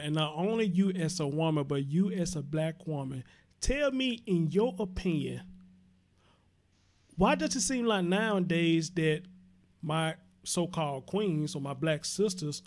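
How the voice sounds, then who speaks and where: Brief: male call-in host, high-pitched, blunt, profane. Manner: blunt, profane, laughs loudly. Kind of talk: casual call-in radio talk.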